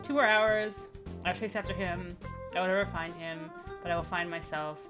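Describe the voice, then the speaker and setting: A woman's voice: fairly low pitch, fairly even intonation, moderate pace, music in the background, natural voice. A woman voicing a proud, aloof young aristocrat pigeon in stiff, formal speech. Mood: resolved. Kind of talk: reading game dialogue aloud.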